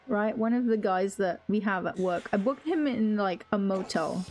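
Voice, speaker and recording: A woman's voice: medium pitch, normal speed, few pauses, darkish tone, slight background noise. A young woman streaming a game, chatting casually with viewers in a rambling, swearing, off-the-cuff way. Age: young adult. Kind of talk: casual live-stream chat while gaming.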